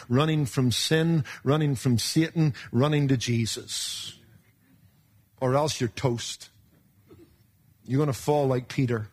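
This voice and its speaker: A man preaching a sermon in an emphatic, folksy way, swinging between loud bursts and hushed asides. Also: mid-range voice.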